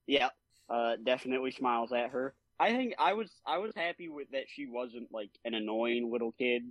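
A man's voice: medium pitch, moderate pace, highs cut off. A young man co-hosting a podcast, chatting casually about a movie, laughing often and acting out lines from it. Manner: animated, laughs often, acts out quotes. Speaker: podcast co-host.

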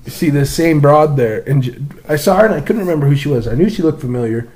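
Dude ranting crude stories on a podcast, voice jumps all over, kinda high. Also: male voice, fast talker. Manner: crude, profane, animated storyteller. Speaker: podcast co-host. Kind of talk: casual storytelling chat.

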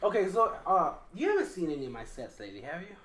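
A man chats on a podcast, laughing easily and cursing casually. His pitch sits a little high and swings widely. The room around him rings with echo. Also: wildly swooping pitch, fast talker, a bit bright, far from the mic. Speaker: podcast co-host, stand-up comic.

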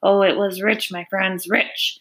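Woman playing husky snide male rat, slow drawl, storybook villain type. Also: mid-range voice, flat delivery, fairly bright tone, low-quality recording. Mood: gloating.

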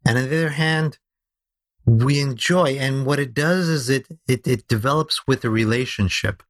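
A man who is a guest on a podcast, explaining storytelling in an animated way and slowing down to stress his points. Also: mid-range voice, no room sound. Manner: animated explaining, slows down for emphasis. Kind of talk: conversational podcast interview.

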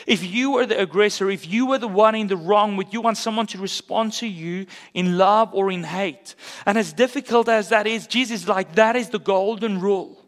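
Male pastor, sermon, casual and earnest, higher-pitched voice, long hall reverb. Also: normal speed, hardly any pauses. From South Africa. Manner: earnest and conversational, with casual asides.

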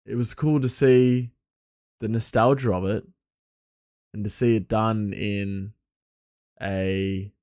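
A man hosting his podcast alone, rambling loosely and chuckling, his voice a bit hoarse. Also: fairly low pitch, fairly even intonation, slow pace, pauses often, darkish tone, no room sound, clean studio sound. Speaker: podcast host. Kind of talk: casual podcast monologue.

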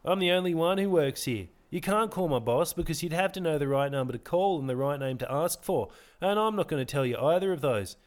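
Bloke reading as a smug young aussie ticket guy, lazy and offhand, kinda lively pitch. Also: brisk, few pauses, natural voice.

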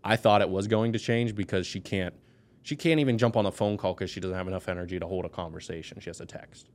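Male podcast guest, lowish voice, intense and blunt, raw personal storytelling. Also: quick pace. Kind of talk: candid personal conversation.

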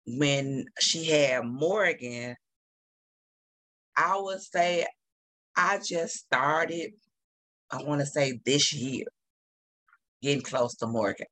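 A middle-aged man, a grieving father, speaking haltingly with many restarts in an emotional conversation. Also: a little high, no echo. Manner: halting, with many restarts and soft trailing words.

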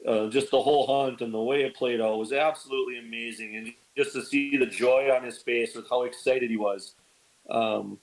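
A man guest on a podcast, telling stories in casual chat, lively and animated, acting out quoted lines with big jumps in pitch. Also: moderate pace, poor audio. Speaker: podcast guest, bird dog kennel owner.

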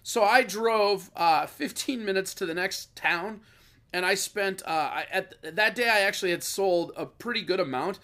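A man telling revenge stories on a podcast in a casual, animated, profane way. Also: high voice, moderate pace. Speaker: podcast guest. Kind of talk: casual storytelling.

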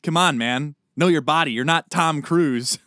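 A man co-hosting a podcast in casual chat, animated and joking, with quick asides. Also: on the high side, dry recording, clean studio sound. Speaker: podcast co-host.

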